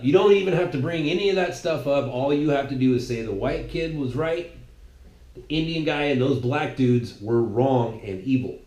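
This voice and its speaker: A man's voice: mid-range voice, normal speed, darkish tone. Male host, mid-range voice, heated ranting monologue with lots of restarts, recorded in a roomy, echoey space. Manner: heated, emphatic, with frequent restarts. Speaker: podcast host. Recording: echoey room.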